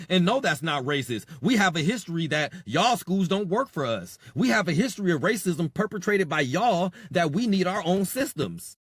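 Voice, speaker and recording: A man's voice: on the high side, dry recording, clean studio sound. A man hosting a podcast, delivering an impassioned, sarcastic monologue. He repeats himself and speaks straight to his listeners. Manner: animated, swings between loud and quiet. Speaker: podcast host.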